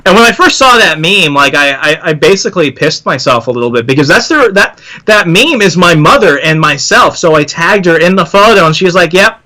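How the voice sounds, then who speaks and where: A man talking as a podcast guest, jokey and quick, now and then slipping into mock voices. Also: a little high, animated, bright, forceful tone, rough recording. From Virginia. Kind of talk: casual podcast chat.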